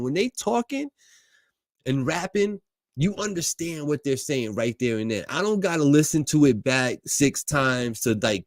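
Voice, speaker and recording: A man's voice: medium pitch, dry recording, studio quality. A man hosting a radio show, chatting casually and introducing songs in a laid-back way. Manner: laid-back, chatty, peppered with "you know what I'm saying".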